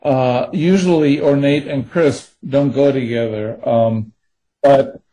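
Mellow-voiced man discussing his writing. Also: mid-range voice, steady tone, slow pace, low-quality recording. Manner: thoughtful, hesitant with many fillers. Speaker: novelist and co-author. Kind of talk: interview conversation.

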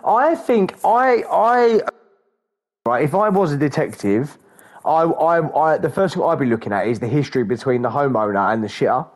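A man's voice: a little high, animated, normal speed, a little mellow. A man co-hosting a podcast in casual chat, blunt and swearing freely. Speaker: podcast co-host.

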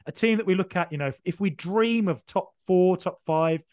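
A man's voice: high voice, normal speed, a little mellow, dry recording, clean studio sound. A man co-hosting a football podcast, telling rambling, jokey stories with lots of fillers. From Birmingham, England. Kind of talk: casual chat.

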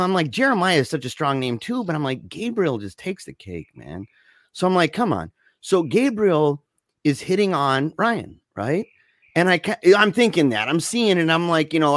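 A man's voice: on the high side, no echo, studio quality. A man telling a long childhood story in casual chat, rambling and self-mocking with lots of fillers. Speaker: guest storyteller.

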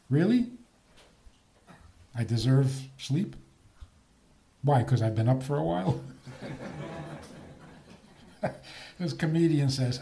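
A man delivers a humorous religious lecture at an unhurried pace, his voice mellow and somewhat high for a man. He swings widely in pitch and peppers his points with rhetorical questions and small laughs. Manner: animated, rhetorical questions, chuckles at own points.

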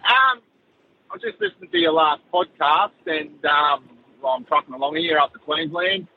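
A man's voice: on the high side, big pitch swings, moderate pace, breathy edge, narrow, tinny audio. A man with an Australian accent calling in to a podcast, telling a story with many hesitations from his truck. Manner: rambling, hesitant with many ums. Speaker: caller. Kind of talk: voice message story. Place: truck cab while driving.

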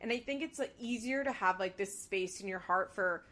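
A woman's voice: mid-range voice, normal speed, a bit bright. A woman co-hosting a casual chat, animatedly retelling scenes with lots of filler words. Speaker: podcast co-host recapping a reality show.

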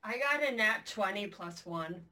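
A woman playing in a tabletop game, describing her character and speaking for her calmly and plainly, with fillers. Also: medium pitch, measured pace, noisy background. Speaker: player. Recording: voice a little distant from the mic.

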